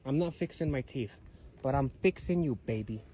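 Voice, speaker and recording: A man's voice: medium pitch, expressive, moderate pace, dark tone, a little hiss or hum. A man rambling to his viewers while he wanders outdoor trails, swearing freely and talking straight to the camera. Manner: chatty, swears a lot, talks to viewers as "you guys". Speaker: vlogger.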